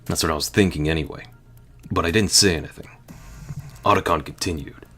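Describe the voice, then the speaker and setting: A man reading a video game's first-person text as a gruff male soldier, in a dry narrating manner. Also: rumbling low, brisk, pushed and bright, faint music behind.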